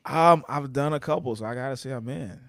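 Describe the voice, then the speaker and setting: A young American man in easygoing podcast banter, quick to joke and defend himself. His voice sits in a mid range for a man. The studio sound is dry and close. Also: medium pitch, vocal fry, dry recording. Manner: laid-back, joking, defensive banter. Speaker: podcast co-host. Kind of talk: casual chat.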